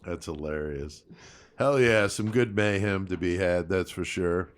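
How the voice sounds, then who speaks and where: A man's voice: low-pitched, measured pace, clean tone. A man co-hosting a podcast, telling a prank story in casual chat, acting out other people's lines with lots of swearing. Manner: animated storyteller, acts out voices with swearing. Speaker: podcast co-host.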